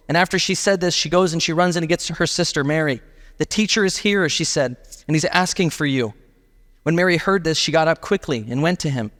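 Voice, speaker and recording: A man's voice: on the high side, brisk, a bit bright, long reverb tail. A male pastor preaching a sermon in a casual, emphatic way, often saying "like". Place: church sanctuary.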